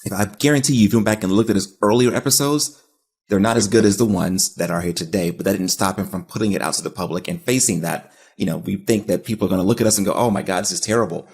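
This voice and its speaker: A low-voiced, husky man hosting a podcast interview. He speaks earnestly and with feeling, pressing his point like a pep talk. His tone is deep and a little rough. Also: fast talker, a little mellow. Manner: earnest, emotional, motivational. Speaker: podcast host.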